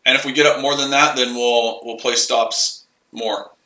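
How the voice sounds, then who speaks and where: A man's voice: medium pitch, fairly even intonation, moderate pace, sharp tone, reverberant, low-quality recording. A man hosting a casual live trading stream, rambling and repeating himself as he explains his trades. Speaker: trading livestream host.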